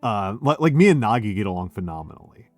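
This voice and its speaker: A tipsy man talks in a low, close and dry voice over faint music. He rambles and piles up fillers, but stays emphatic as he makes his point. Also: sing-song, fast, no echo. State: tipsy, hiccuping. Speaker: streamer. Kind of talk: casual chat.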